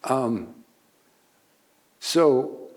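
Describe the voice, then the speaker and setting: An older man telling a warm story at a conference seminar, chuckling as he goes. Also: mid-range voice, animated, drawn-out words. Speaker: speaker. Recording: long hall reverb.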